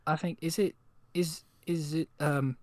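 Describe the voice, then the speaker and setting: A man's voice: on the high side, fairly even intonation, measured pace, dry recording. A man co-hosting a live stream, chatting playfully and riffing with exaggerated jokes. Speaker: streamer co-host. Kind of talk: casual live-stream chat.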